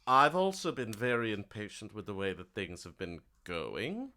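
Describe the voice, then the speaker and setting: A man's voice: on the low side, very animated, pushed and bright, pitched below the performer's own voice, exaggerated voice. A man doing a smug, sneering young overseer. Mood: mock-polite. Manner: sly, mock-polite, drawn-out phrasing. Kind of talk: improvised tabletop role-play.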